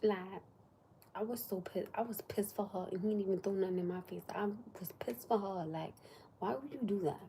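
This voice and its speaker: Woman ranting on a live stream, soft warm voice, bit of hiss behind. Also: mid-range voice, moderate pace. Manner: animated, drops to whispers for emphasis. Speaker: livestream host. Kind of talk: casual livestream chat.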